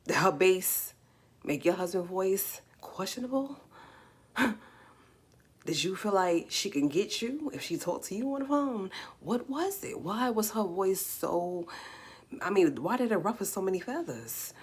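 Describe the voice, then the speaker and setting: A woman with a New York accent and a slightly raspy voice, hosting a live stream and talking emphatically, firing off rhetorical questions. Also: mid-range voice, very animated, measured pace. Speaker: livestream host. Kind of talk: casual live commentary.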